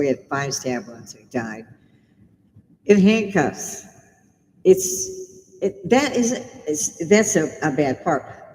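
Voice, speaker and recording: A woman's voice: sits low, a little mellow, in a large hall, slight background noise, poor audio. A middle-aged woman from Britain hosting a casual livestream from her home bar, blunt and swearing as she rants. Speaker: live stream host.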